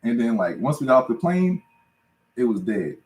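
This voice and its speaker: A man's voice: mid-range voice, big pitch swings, normal speed, a little mellow. Guy on a podcast telling stories, laughs a bunch, echoey room. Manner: laughs often, keeps asking "you know what I'm saying". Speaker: podcast host. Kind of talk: casual storytelling on a live podcast. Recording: roomy echo.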